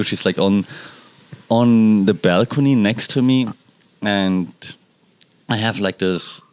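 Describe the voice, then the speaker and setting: Guy rambling casually on a home balcony, lowish voice, dry close mic, keeps chatting to his cats. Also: dry recording. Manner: relaxed, rambling, talks to his cats mid-sentence. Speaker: podcast host and cat owner. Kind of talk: casual solo chat.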